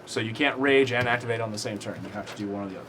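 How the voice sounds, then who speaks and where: A man's voice: lowish voice, very fast, a bit bright, slight background noise. A man narrating as game master of a tabletop game, casual and easily thrown off. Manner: laughing, flustered by his own slipping accent.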